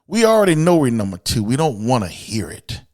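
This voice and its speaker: A man hosting a podcast, delivering a blunt, profane, opinionated monologue aimed at women, swinging between loud outbursts and low asides. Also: huge pitch swings, fairly quick. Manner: blunt, profane and emphatic, addressing women directly. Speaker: podcast host.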